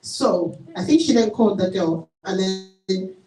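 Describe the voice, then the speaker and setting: A woman with a Nigerian accent speaking at a parenting seminar. She tells stories in an animated way and acts out the parents' voices. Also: medium pitch, a little slow, soft background music. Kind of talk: seminar talk with anecdotes. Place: church hall. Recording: echoey hall, mic from a distance.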